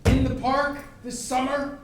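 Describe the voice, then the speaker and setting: An actor playing an earnest man defending theater as art in a live stage play, speaking in a measured way. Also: very high-pitched, little pitch movement, a little hiss or hum. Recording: very echoey stage from far off.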